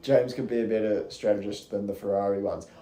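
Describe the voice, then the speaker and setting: A man's voice: on the low side, steady tone, fairly quick, mellow, echoey room. A young man giving casual, rambling race commentary on a live stream, chatty and swearing freely.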